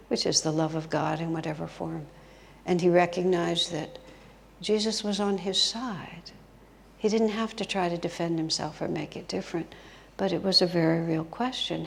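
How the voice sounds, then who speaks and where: A woman's voice: fairly low pitch, creaky. A woman giving a spiritual talk as a guest teacher, telling stories expressively and dropping to a whisper for emphasis. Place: retreat hall. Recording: long hall reverb.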